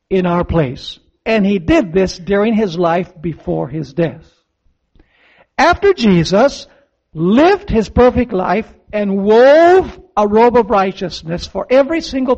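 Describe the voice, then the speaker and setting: A man's voice: high voice, vocal fry, a little mellow, lo-fi sound. A man preaching a sermon as pastor, emphatic, asking the congregation questions and answering them himself.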